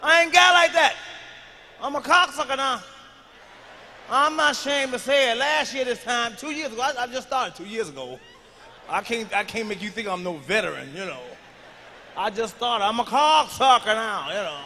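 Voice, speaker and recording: A man with a very high, bright, forceful voice works a crowd in a profane stand-up routine. He mumbles one moment and shouts the next, and his words ring with a long hall reverb over faint noise. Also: normal speed. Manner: profane, swings from mumbled asides to shouted punchlines. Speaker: stand-up comedian.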